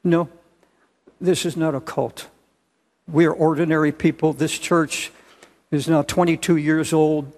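An older man preaches in a large church auditorium, his slightly high voice carried on a long hall reverb. He speaks earnestly, stumbling and restarting at times, then pressing hard on his key words. It is a heartfelt sermon rather than a polished performance. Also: steady tone. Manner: earnest, halting with restarts, rising to loud emphasis. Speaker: pastor.

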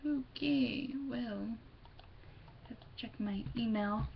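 A woman's voice: fairly high pitch, takes it slowly, creaky. Teen girl vlogger, rambling and distracted, recorded on a muffled built-in mic. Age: teens. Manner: scattered, distracted, giggly. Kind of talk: casual rambling vlog. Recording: dull lo-fi webcam audio with faint noise.

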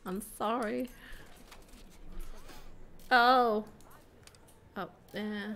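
A woman streams a video game at a desk mic, chatting and giggling to herself and her viewers in casual live-stream fashion. Her voice is a little high, and she speaks at a slow pace.

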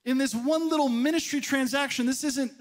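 A man pastor preaching a sermon in a church, telling a personal story in a conversational way, swelling to emphatic peaks and dropping to a hushed aside. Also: extremely high pitch, steady tone, fairly quick. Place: church sanctuary.

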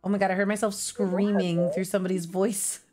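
A woman streamer chatting live while gaming, excitable, with loud exclamations and giggles. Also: mid-range voice, fairly quick, faint music behind. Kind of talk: live game-stream chat.

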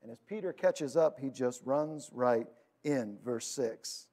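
A man preaching a sermon, retelling scripture with dramatic swings between loud urgency and hushed quiet. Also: medium pitch, slow. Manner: storytelling, paraphrasing scripture. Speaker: pastor.

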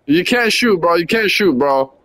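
A man's voice: sits high, lively intonation, moderate pace, sharp tone. A young man on voice chat while playing a basketball video game, coaching his teammates and teasing them, repeating short commands over and over.

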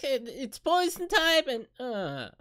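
A woman co-hosting a game recap, measured and a little self-critical about her own play. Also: high-pitched, huge pitch swings, fairly bright tone. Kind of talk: casual gaming chat.

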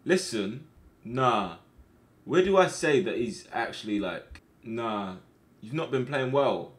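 A young man commentating on his football management game, getting excited and shouting at his players on screen. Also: medium pitch, slow. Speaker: gaming streamer.

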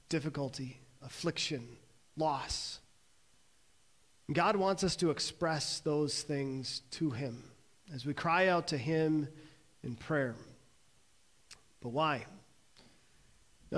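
A male pastor giving a sermon, earnest and measured, slowing and pausing on key words. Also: fairly high pitch, a bit bright. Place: church sanctuary.

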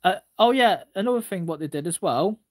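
High-voiced man rambling on a livestream. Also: animated, fairly quick, a little mellow. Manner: rambling, repeats himself, stammering restarts. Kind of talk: casual livestream rant, reading chat.

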